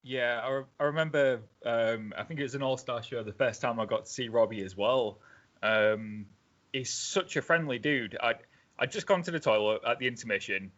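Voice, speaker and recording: A man's voice: mid-range voice, moderate pace, fairly bright tone, dull audio. A man hosting a wrestling podcast, friendly and chatty with his guest. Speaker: podcast host. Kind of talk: casual interview chat.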